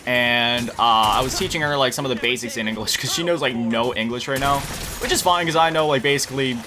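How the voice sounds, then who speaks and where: A man's voice: mid-range voice, brisk, crowd noise. A man chatting casually while playing a game, rambling and correcting himself often, with lots of fillers and self-mocking chuckles. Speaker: gaming video creator. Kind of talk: casual chat over gameplay.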